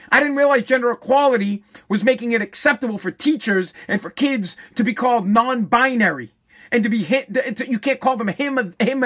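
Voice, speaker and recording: A man's voice: extremely high pitch, a bit bright. A man hosting a show, delivering a heated, profane opinion rant and repeating phrases for emphasis.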